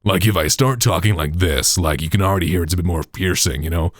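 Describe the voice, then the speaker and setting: Deep-voiced British man explaining gear. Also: fast talker, hardly any pauses, no room sound, clean studio sound. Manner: chatty, with frequent "like", "you know" and "right". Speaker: tech tutorial host. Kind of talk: casual tutorial explanation. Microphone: processed studio microphone.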